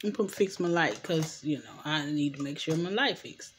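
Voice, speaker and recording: A woman's voice: low-pitched, expressive, moderate pace, a little hiss or hum. Young woman rambling thru a tv recap at home, super casual, lots of "anywho". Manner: rambling, chatty, repeats "anywho" and "what?". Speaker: TV recap vlogger. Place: home at night. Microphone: camera mic.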